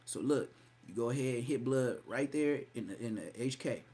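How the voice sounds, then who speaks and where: A man's voice: medium pitch, lively intonation, moderate pace, breathy edge. A man hosting a live podcast stream, mocking and roasting someone in a profane, rowdy way. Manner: mocking, profane, loud outbursts. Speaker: podcast host.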